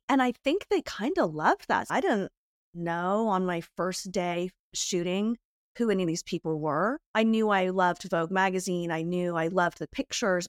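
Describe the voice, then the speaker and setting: A middle-aged woman from the United States, a guest in an interview who candidly tells lively, animated stories and laughs often. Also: medium pitch, no echo, clean studio sound. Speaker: guest, beauty entrepreneur. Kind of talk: candid storytelling in a podcast interview.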